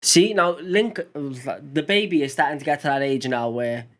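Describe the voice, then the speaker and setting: A man, co-hosting a podcast in casual chat and telling stories with animated voices. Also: on the high side, normal speed. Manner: animated storyteller, acts out voices. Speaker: podcast co-host.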